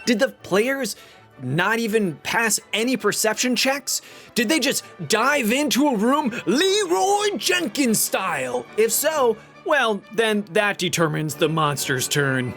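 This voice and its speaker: A man's voice: high voice, sing-song, slow pace, fairly bright tone, faint music behind. A man presenting a tabletop gaming explainer video, posing rhetorical questions and answering them.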